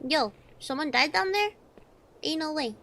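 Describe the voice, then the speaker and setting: A woman's voice: high voice, measured pace, noisy background. A woman streaming a shooter game, chatting casually, swearing and yelping at the action. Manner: excitable, swears and yelps at the game.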